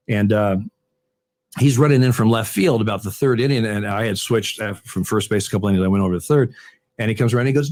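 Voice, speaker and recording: Older male guest, retired umpire, halting storyteller, low voice, dry close sound. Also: no echo. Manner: halting, repeats words, chuckles often. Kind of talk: conversational interview storytelling.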